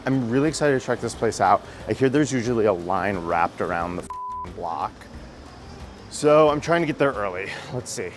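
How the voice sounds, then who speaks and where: Excitable American man vlogging pastries. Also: lowish voice, moderate pace, over music. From United States. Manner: chatty, excitable, swears casually. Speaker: food vlogger. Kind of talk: casual food vlog. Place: streets and bakeries of a city, outdoors.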